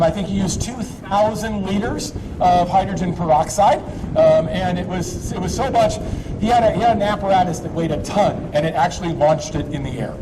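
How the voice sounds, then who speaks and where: A man giving a live chemistry demonstration, explaining in a chatty way with lots of fillers. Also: high-pitched. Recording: distant mic, faint background noise.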